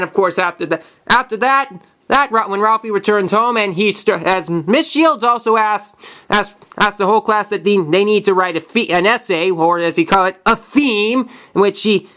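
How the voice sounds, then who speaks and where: A young man hosting his own movie review, retelling a plot in a casual, halting way full of restarts and false starts. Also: sits high, fairly bright tone.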